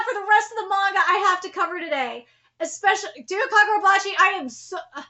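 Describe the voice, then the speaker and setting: A woman streamer reacting live to a comic, bursting into excited, shrieking exclamations. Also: extremely high pitch, fast talker.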